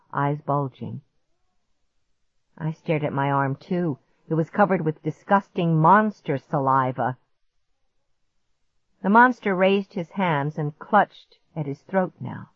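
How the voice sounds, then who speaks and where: Slow, low-voiced woman storyteller. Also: animated, dry recording. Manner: measured, vivid first-person storytelling. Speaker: audiobook narrator. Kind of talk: storybook narration. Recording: dull muffled audiobook recording.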